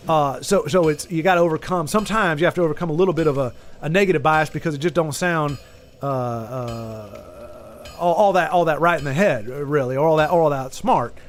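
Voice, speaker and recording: A man's voice: fairly high pitch, brisk, soft background music. A man with a Southern US Texan accent, chatting casually to viewers while streaming a game. He rambles, trails off mid-thought and restarts his sentences. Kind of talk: casual chat while gaming, talking to viewers.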